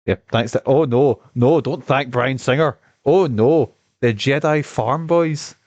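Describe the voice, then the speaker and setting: A man streaming and chatting about a game he has just finished, rambling and swearing with lots of excitement. His voice sits at an ordinary mid pitch and has a slight cough. The sound is close and dry. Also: measured pace, no room sound, highs cut off. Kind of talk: casual gaming stream commentary.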